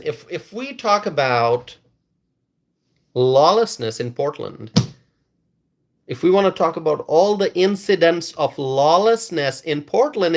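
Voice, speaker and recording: A man doing live-stream commentary and reading viewer comments, emphatic and repetitive, often stalling and restarting words. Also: on the high side.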